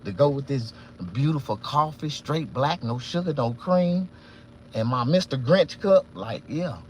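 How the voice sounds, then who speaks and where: Animated, profane man ranting in a car. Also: a little slow, a little hiss or hum. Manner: animated, profane, swings between loud outbursts and low muttering. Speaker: vlogger and barber. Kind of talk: casual live-stream rant.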